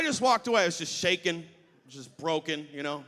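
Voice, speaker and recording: Male stand-up, animated storyteller, swinging pitch, stage mic in a reverberant hall. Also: quick pace, noisy background. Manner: animated, acts out voices. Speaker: stand-up comedian. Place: comedy festival stage.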